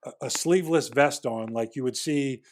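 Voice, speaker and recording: A man's voice: mid-range voice, moderate pace. Middle-aged man telling a rambling story. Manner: rambling anecdote with frequent restarts, acts out the dialogue. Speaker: podcast guest, former security agent. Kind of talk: casual storytelling in a podcast interview.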